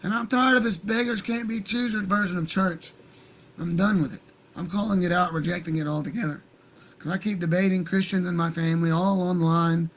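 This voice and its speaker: A man's voice: sits high, fairly even intonation, brisk, fairly bright tone, low-quality recording. A man hosting a livestream, talking in a heated, profane, rambling rant. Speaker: livestream host.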